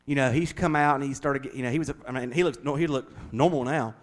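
A man preaching a sermon as pastor, folksy and conversational, speeding up and slowing down as he goes. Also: medium pitch. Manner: folksy, conversational preaching with shifting pace and volume.

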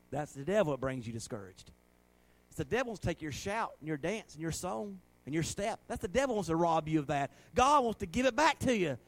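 A man's voice: high-pitched, big pitch swings, normal speed, no echo. Fervent man preaching. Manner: fervent preaching, rising and falling between loud exhortation and soft earnest prayer. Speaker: pastor. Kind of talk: sermon and closing prayer.

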